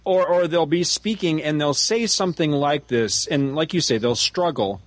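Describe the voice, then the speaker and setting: A man's voice: fairly high pitch, normal speed, dry recording. A man in his forties co-hosting a casual podcast, ranting with profanity and frequent laughter. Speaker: podcast co-host. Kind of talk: casual comic-book discussion.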